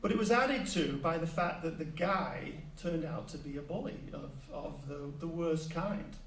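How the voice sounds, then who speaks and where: A middle-aged man with a Mancunian accent tells a funny story from his own life to a crowd, playful and lively, tossing in mock sound effects. His voice sits a little high for a man and comes from a step away from the mic. The room is echoey, with faint ambience behind him. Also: moderate pace, gravelly, recorded from a distance, slight background noise. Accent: Mancunian English. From Manchester, England. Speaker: public speaker. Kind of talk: humorous personal storytelling to an audience.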